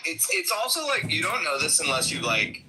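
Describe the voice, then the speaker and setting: A man's voice: a little high, very animated, brisk, very noisy. A man co-hosting a podcast in loose, rambling casual chat, full of restarts, asides and profanity. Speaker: podcast co-host.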